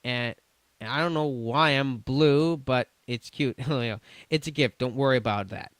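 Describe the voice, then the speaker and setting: A man's voice: medium pitch, a little slow, no echo. A man streaming, reading chat messages aloud in a casual, stumbling way with restarts and swearing.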